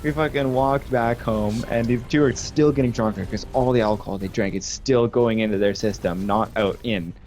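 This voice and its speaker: A man's voice: fairly low pitch, normal speed, few pauses, darkish tone. Young man, gamer co-host, rambling casual storyteller, faint hiss behind. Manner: rambling, laughing, acts out quoted friends. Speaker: stream co-host.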